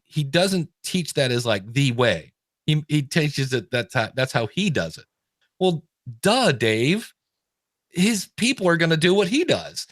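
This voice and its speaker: Middle-aged male podcast host, casual animated storyteller, dry close mic. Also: mid-range voice, no room sound. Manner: animated, stumbling restarts when excited.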